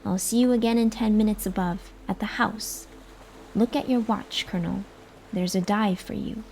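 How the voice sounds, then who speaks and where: A woman's voice: medium pitch, steady tone, moderate pace, a little mellow, a little hiss or hum, close to an everyday voice. A woman voicing an invisible, mocking male fairy spirit that laughs and taunts, as a whispered role-play.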